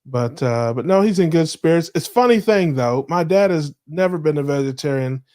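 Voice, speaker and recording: A man's voice: fairly high pitch, lively intonation, fairly quick, dark tone. A man co-hosting a live diet chat show over a video call, joking, teasing and laughing often. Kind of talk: casual live-stream chat.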